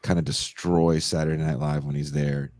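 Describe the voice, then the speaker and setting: A man's voice: very deep voice, creaky, dry recording. A man hosting a podcast, chatting casually and animatedly about old movies. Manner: animated, laughing, quick asides. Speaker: podcast host.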